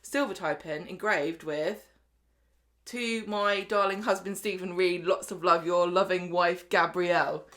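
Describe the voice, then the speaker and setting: A woman's voice: on the low side, measured pace, a bit bright. A woman co-hosting a podcast, retelling scenes chattily and slipping into voices for the characters. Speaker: podcast co-host. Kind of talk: casual recap chat.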